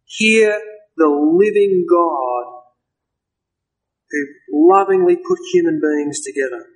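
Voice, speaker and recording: A man preaching a sermon, earnest and emphatic, slowing down to stress key words. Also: fairly high pitch, lively intonation, low-quality recording.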